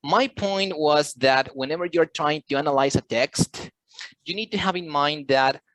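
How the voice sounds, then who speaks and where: A man running an English class, speaking patiently and repeating his points as he quizzes his students. His voice sits a bit high for a man, and the sound is close and dry with no room to it. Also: normal speed, fairly bright tone, no room sound. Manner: switches into Spanish to explain. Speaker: English teacher. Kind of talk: online class lesson.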